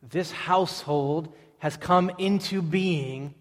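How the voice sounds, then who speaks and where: A man's voice: a little high, slow pace. Emphatic male pastor preaching in a reverberant hall. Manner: emphatic, repeating phrases for stress. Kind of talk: sermon.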